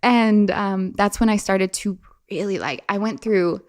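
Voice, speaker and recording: A young adult woman is interviewed on a podcast, relaxedly recounting stories from her own life in an animated manner, laughing often and using many fillers. Her pitch is medium and her pace unhurried.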